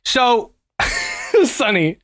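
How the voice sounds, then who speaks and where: Man, game master, high voice, very lively pitch, laughs a lot, lots of fillers. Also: very slow. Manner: laughs often, many fillers. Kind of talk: narrating a tabletop game.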